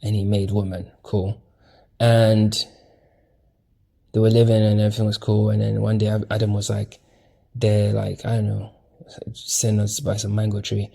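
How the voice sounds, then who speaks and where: A man's voice: on the low side, completely flat delivery, normal speed, gravelly, pauses often, mellow, breathy edge. A man giving a loose, casual spiritual lecture with slang, emphasis, and frequent fillers. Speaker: teacher.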